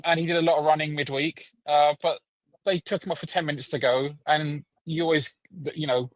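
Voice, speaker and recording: Man, podcast guest, fast-talking, hesitant, fillers, slightly high voice. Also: dry recording, rough recording. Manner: quick, hesitant, many ums and restarts. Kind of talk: casual football podcast chat.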